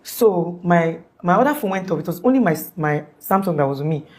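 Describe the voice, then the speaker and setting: A young Nigerian woman recounting an event in casual conversation, animated and acting out what people said. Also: lowish voice, a little fast. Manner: animated, acts out quoted speech, many restarts. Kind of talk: conversational storytelling.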